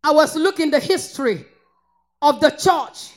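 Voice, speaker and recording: Preaching with lively intonation and a slightly slow delivery, this northern Nigerian woman alternates between shouting praise and issuing low, intense rebukes in a fervent sermon.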